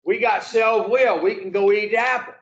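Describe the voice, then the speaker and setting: A man voicing an eager young woman in a told story, calling out excitedly. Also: sits high, normal speed, roomy sound, dull audio, close to an everyday voice.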